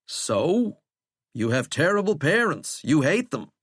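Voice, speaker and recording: A man's voice: on the high side, sing-song, slow, breathy edge, no echo, studio quality, voice pushed up, full character voice. Man voicing a taunting chained monster-man. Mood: wry. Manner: sardonic, coaxing, folksy. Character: shackled cursed man, wry, taunting, coaxing.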